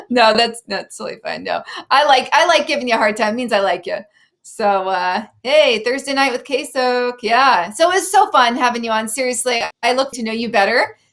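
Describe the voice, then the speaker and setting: A woman hosting a casual interview show, talking in an animated, opinionated way, getting worked up and teasing her guest. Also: on the high side, normal speed. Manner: teasing, joking. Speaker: show host.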